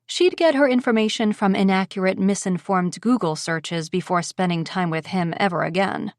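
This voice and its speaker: A woman reading an audiobook novel in an even, measured way on a close mic. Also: fairly low pitch, no echo. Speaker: audiobook narrator. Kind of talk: scripted narration.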